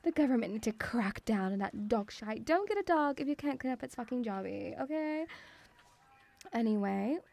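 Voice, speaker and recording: A woman's voice: fairly high pitch, animated, moderate pace, gravelly, a little mellow. A young British woman streaming live as a playful, mock-stern teacher who teases her audience. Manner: teasing, mock-stern, calls the audience "sweetie".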